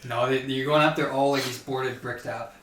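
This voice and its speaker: A man's voice: medium pitch, normal speed. A man runs a tabletop game in an easygoing, rambling voice, circling back and stacking fillers as he sets each scene. He sounds set back from the mic in an echoey room with a faint hiss behind him. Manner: relaxed, hesitant descriptions with many fillers. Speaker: game master. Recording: roomy, distant mic with faint noise.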